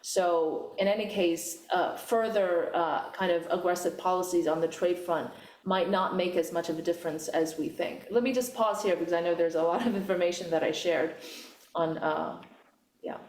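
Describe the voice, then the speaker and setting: A woman professor answering on a conference panel, speaking in a measured way with many fillers and restarts. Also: lowish voice, a little mellow, a little hiss or hum. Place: conference hall. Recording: roomy, distant from the mic.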